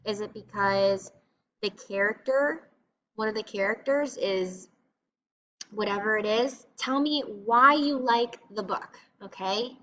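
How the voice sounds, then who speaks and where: A woman's voice: medium pitch, takes it slowly, a bit bright. A woman teacher giving a recorded lesson, patiently explaining step by step in an encouraging way. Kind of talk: recorded classroom reading lesson. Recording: slightly dull lo-fi recording with faint noise.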